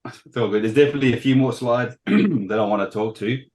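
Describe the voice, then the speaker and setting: A man with a hoarse, failing voice giving a casual presentation on a video call, often clearing his throat. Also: medium pitch, brisk, a little mellow, low-quality recording. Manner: frequent throat-clearing, self-deprecating. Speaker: guest trader sharing experience.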